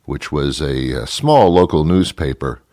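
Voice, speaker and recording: A man's voice: rumbling low, big pitch swings, a little slow, mellow, dry recording, studio quality. A middle-aged man from New Jersey, hosting a show with a grumpy, sardonic, rambling comic monologue. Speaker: show host. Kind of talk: comedic monologue.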